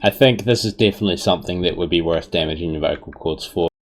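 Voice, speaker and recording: A man's voice: low voice, quick pace, a little hiss or hum. A man casting a live esports match in an easygoing way, correcting himself as he goes, on a headset mic. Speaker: esports caster.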